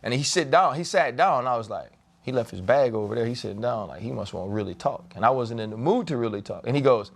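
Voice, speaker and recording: A man hosting a podcast, telling a story and chatting in a relaxed, conversational way. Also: mid-range voice, fast, vocal fry. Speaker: podcast host. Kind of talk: casual podcast chat.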